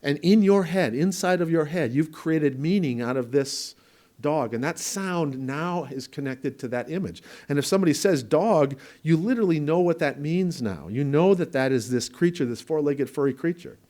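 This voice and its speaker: Man giving a lively lecture. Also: a little high, normal speed. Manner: conversational, explains with examples and asides; repeats words for emphasis. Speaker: presenter at a training event. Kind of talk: conference lecture. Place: presentation room with an audience.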